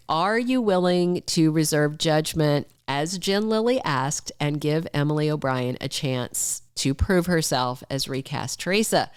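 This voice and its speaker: A woman with a low, smooth and resonant voice hosts a soap opera gossip podcast. She speaks in a chatty, opinionated way and addresses her listeners directly. The recording is close and dry. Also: dry recording. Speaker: podcast host. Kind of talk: soap opera news commentary.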